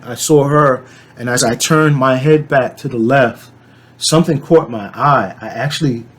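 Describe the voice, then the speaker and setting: A man telling a dream to camera in a casual, rambling way, with many fillers and restarts. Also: mid-range voice. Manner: animated storyteller, shouts when reenacting. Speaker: channel host.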